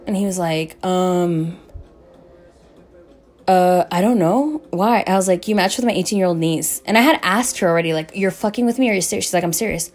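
A young woman casually telling a story, swearing a lot and acting out the voices of the people she quotes. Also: medium pitch. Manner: profane, animated, acts out quoted voices.

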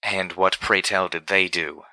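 A prim, dramatic mare pony, as a man puts her on for a storybook. She speaks in a mannered, arch way, her low voice carrying a sharp, bright edge. The reading is close and dry. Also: steady tone, a little slow, no room sound, heavily acted. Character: refined female unicorn pony, prim and dramatic.

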